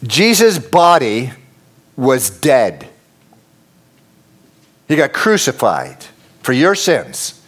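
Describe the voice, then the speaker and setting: A pastor preaching a sermon, emphatic and repetitive, talking straight to his congregation and dropping to a hush at times. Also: fairly high pitch. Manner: addresses the congregation directly.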